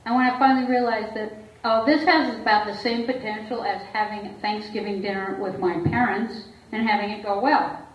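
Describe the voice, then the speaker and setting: With a steady tone and moderate pace, a woman therapist in a mid-range voice speaks candidly to an audience about her own life. She's open, frank, laughs frequently, and voices the people she quotes. The mic sits far from her in an echoey room, making the recording dull and lo-fi.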